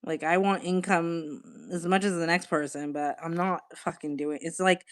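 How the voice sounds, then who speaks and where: A young woman chats loosely with her live-stream viewers in a slightly low voice. She talks in a relaxed, rambling way, laughing often and letting the odd swear word slip. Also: normal speed, few pauses. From Australia. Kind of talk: casual live-stream chat.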